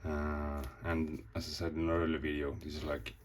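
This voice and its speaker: A man talks through his comic pages in a loose, rambling way, swearing freely as he acts out the scenes. His voice sits extremely low and has a rough, gravelly edge. A faint hiss runs under the recording. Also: flat delivery, moderate pace. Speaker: comic artist. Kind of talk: casual show-and-tell.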